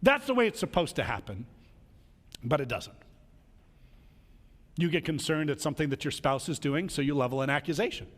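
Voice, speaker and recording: Animated male preacher in a reverberant hall. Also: fairly high pitch, a little fast, pauses often. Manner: animated, acts out quarrels in little voices. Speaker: pastor. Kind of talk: sermon.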